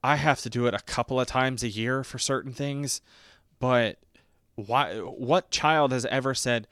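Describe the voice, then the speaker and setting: A man in his twenties chatting casually about a movie, rambling and self-mocking, often breaking into squeaky high put-on voices. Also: measured pace, a bit bright, dry recording, studio quality. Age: 20s. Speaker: podcast host reviewing a movie.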